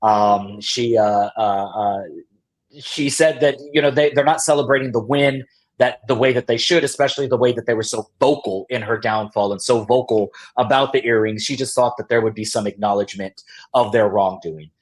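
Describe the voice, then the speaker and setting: A man's voice: mid-range voice, moderate pace. A man hosting a casual recap, acting out quotes with laughs. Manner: animated storytelling, acts out quotes with laughs. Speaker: podcast host.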